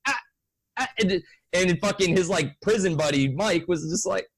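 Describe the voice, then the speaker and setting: A man's voice: high-pitched, moderate pace, slightly rough. A young man co-hosting a podcast, telling crude stories in casual chat and mimicking people he talks about. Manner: profane, animated, mimics people in voices. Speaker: podcast co-host.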